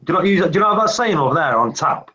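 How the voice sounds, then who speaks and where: A man's voice: fairly high pitch, lively intonation, bright, forceful tone, highs cut off. A man with a Mancunian accent hosting a casual live-stream chat, joking and teasing the others. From Manchester, England. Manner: teasing, jokey, quick to laugh. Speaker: stream host.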